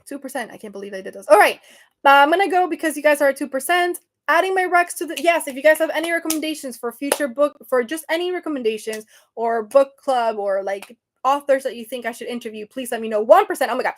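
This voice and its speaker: A woman's voice: sits high, quick pace. A woman hosting a casual livestream from her phone, chatty and flustered, laughing often. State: sweating and flustered. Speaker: livestream host.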